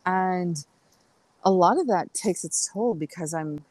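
A woman's voice: on the low side, animated, slow pace, a little mellow, dry recording, rough recording. A middle-aged woman chatting as a podcast guest, rambling through stories with fillers and restarts. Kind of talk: casual podcast conversation.

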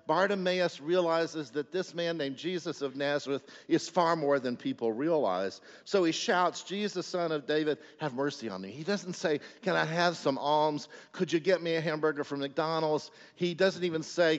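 A male pastor delivers an animated sermon, jumping from forceful cries to near-hushed asides. His voice carries a long hall reverb, and the recording sounds somewhat dull and muffled. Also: on the high side, normal speed, hardly any pauses. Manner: emphatic preaching with sudden loud and soft swings.

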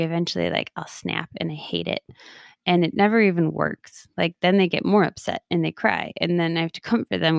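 A woman's voice: mid-range voice, creaky, clear, resonant tone, no room sound, studio quality. A woman in her thirties hosting a recovery podcast, talking candidly and laughing at herself as she reflects. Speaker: podcast host and mindset coach. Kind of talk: casual reflective monologue.

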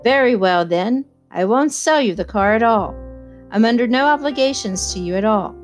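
A woman reading aloud and voicing a gruff, irritated man snapping down a telephone line. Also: on the high side, expressive, normal speed, soft background music, voice pushed up, natural voice. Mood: annoyed. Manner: curt, indignant, raised voice.

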